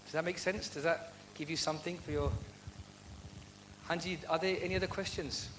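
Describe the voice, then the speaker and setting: A man's voice: on the high side, fairly even intonation, fairly quick. A man with a slightly raised voice answers questions at a university event, sincere and heartfelt. He speaks in an earnest devotional style and leans on rhetorical questions. A faint hum sits under his voice. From United Kingdom. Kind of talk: devotional talk and Q&A.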